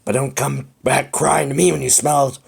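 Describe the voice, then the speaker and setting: A man's voice: mid-range voice, flat delivery, moderate pace, creaky, breathy edge, exaggerated voice. A man reading a fanfic aloud, voicing a grumbling old great-uncle and stumbling over the words.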